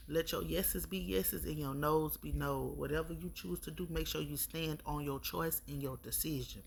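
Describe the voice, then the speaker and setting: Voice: mid-range voice, fairly even intonation, normal speed, gravelly, few pauses, a little hiss or hum. A spiritual reader giving an intuitive reading straight to the viewer, with blunt, preachy advice, calling the listener baby and checking in often.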